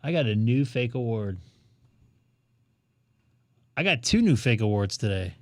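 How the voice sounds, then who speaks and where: A man's voice: mid-range voice, lively intonation, a little slow, dry recording. Man, ham radio stream host, jokey and rambling, dry close sound. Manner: joking, rambling, thinks aloud while browsing. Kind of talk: casual live-stream chat.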